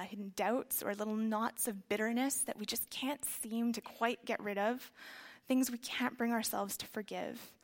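A woman preaching a sermon in a conversational, reflective way, with soft trailing phrases and frequent fillers. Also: mid-range voice, vocal fry. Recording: long reverb of a large hall.

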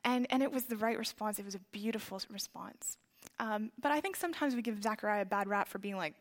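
A woman preaching a sermon in a conversational, reflective way, with soft trailing phrases and frequent fillers. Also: mid-range voice, fast talker. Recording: long reverb of a large hall.

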